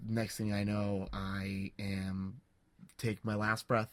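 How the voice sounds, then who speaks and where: Low-voiced man telling a story haltingly. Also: flat delivery, dry recording. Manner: halting, many restarts and fillers, earnest. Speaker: podcast co-host. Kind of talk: casual storytelling.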